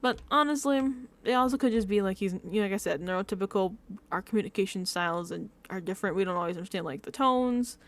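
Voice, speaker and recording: Talking fast in a mid-range voice, this woman recaps and reacts in a loose, casual vlog. She's chatty and pokes fun at herself, circling back over the same points with lots of filler words.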